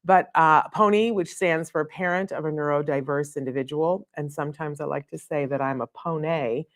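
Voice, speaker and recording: A middle-aged woman hosting a live studio show, chatty and effusive, with fillers and quick laughs. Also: low-pitched, no echo. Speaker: host. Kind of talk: live show opening monologue.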